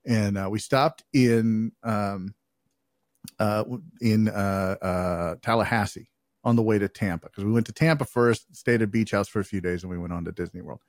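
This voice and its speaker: A man's voice: on the low side, normal speed, dry recording, studio quality. A man co-hosting a podcast, telling stories in a loose, rambling, profane way with lots of fillers. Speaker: podcast co-host. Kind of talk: casual chat.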